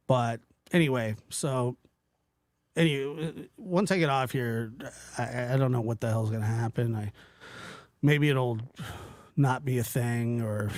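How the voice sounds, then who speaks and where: A man hosting a casual livestream, talking to his chat in a rambling, animated way, often stopping and restarting. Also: mid-range voice, no echo. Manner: animated, rambling, self-interrupting, mimics voices in quotes. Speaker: livestream host reading chat.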